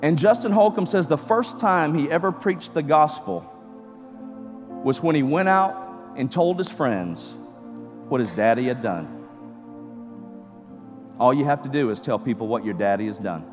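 A male pastor delivers a sermon in a mid-pitched voice, climbing into emphatic bursts before dropping back down. The sound carries a long church-hall reverb. Faint music sits behind him. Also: expressive, moderate pace, pauses often. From California. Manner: preaching with rising emphatic bursts. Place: church sanctuary.

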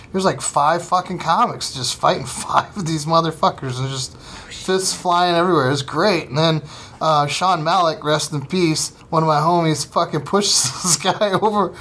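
Profane, animated man telling war stories. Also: on the high side. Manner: profane, animated storyteller who acts out quotes. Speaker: comedian and podcast guest. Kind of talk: casual storytelling chat. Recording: roomy room, faint ambience.

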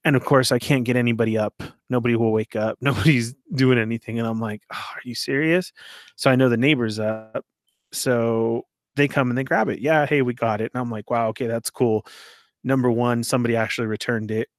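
A man's voice: medium pitch, a little fast, dry recording, studio quality. A man casually telling a long story, laughing often and acting out what people said. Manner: animated, laughs often, acts out quoted voices.

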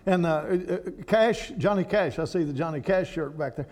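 A man's voice: a little high, moderate pace, a little mellow. A man from Kentucky with an Appalachian accent, a guest speaker at a church who preaches in a folksy storytelling way. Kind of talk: storytelling sermon.

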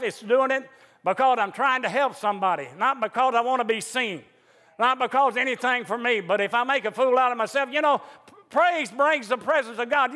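Fervent male preacher with a very high, forceful voice, recorded in an echoey church hall. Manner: fervent, emphatic preaching with rising outbursts. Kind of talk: sermon.

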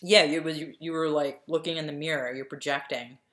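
A woman's voice: deep voice, fairly even intonation, fairly quick, fairly bright tone. A woman co-hosting a casual chat, rambling with lots of fillers and poking fun at herself. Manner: rambling, filler-heavy, self-deprecating.

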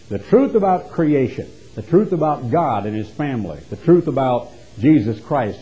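A man preaching a sermon, emphatic and full of rhetorical questions, swinging from hushed to loud. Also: mid-range voice, low-quality recording.

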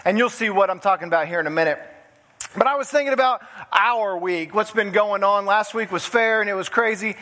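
Preaching in a large hall, this man has a high-pitched, bright, forceful voice and moves a little fast. He's a pastor telling a story in a folksy sermon, chuckling as he goes, in a church sanctuary.

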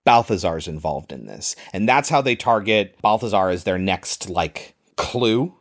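A man's voice: low voice, expressive, measured pace. Man casually recapping a film plot. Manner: retells scenes in detail, acts out quoted lines. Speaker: podcast host.

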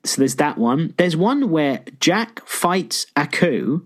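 Excitable, sweary man on a podcast. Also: takes it slowly. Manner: excitable, swears, jumps into high pitch when enthused. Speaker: podcast co-host. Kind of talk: casual podcast chat.

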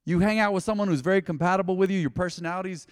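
A man preaching a sermon as pastor, conversational and lively, with sudden loud bursts and quiet drops. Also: sits high, rapid-fire, clean tone, long reverb tail.

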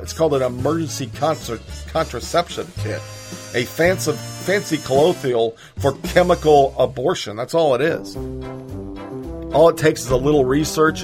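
A man hosting a podcast, giving heated, profane political commentary. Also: on the high side. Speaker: podcast host.

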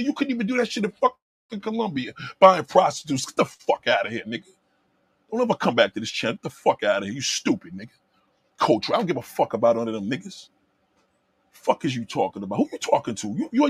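Heated husky man ranting at chat. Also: medium pitch, no echo. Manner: loud, heated, swearing, rhetorical questions, repeats himself. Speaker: livestream host reacting to chat comments. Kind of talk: profane livestream rant.

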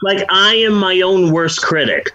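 A middle-aged man with a high, pushed, bright voice hosts a podcast without hurrying. He rambles casually, puts himself down, and keeps starting over. The audio sounds dull.

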